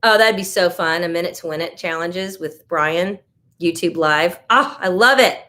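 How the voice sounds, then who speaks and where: Speaking at a moderate pace with a fairly low, sharp-toned voice, this livestream host from the United States keeps the chat loose and reacts to comments from viewers along the way.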